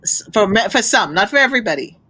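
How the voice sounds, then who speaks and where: A woman's voice: medium pitch, expressive, quick pace, pushed and bright, rough recording. A woman hosting an interview show, speaking in an effusive, emotional way. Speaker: host. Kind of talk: interview chat.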